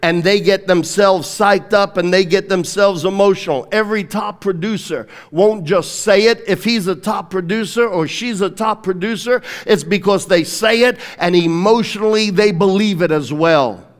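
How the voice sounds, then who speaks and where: Speaking at normal speed with hardly any pauses, a man with a high voice preaches a sermon. The pastor is fervent and emphatic, alternating between loud declarations and quieter instruction and leading his congregation in repeat-after-me phrases.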